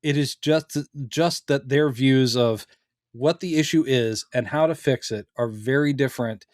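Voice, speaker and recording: Speaking a little slowly, a man with a mid-range voice co-hosts a podcast in studio-quality audio without room sound. His casual rundown of a TV episode is lively, and he frequently voices characters' lines in quotes.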